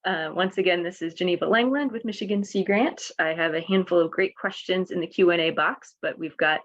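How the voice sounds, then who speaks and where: A woman's voice: fairly low pitch, a little fast, muffled recording. A woman moderating the questions of a webinar over a video call, friendly and lightly joking.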